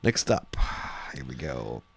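A man's voice: rumbling low, very animated, takes it slowly, gravelly, a little mellow. A man co-hosting a casual podcast, reading listener emails aloud with giggly, teasing asides.

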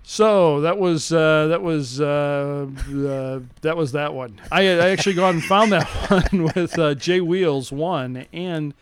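A man's voice: a little high, clear, resonant tone. A middle-aged man co-hosting a casual podcast, joking and laughing as he reads off codes. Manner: laughs often, jokey, reads cache codes slowly. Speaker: podcast co-host.

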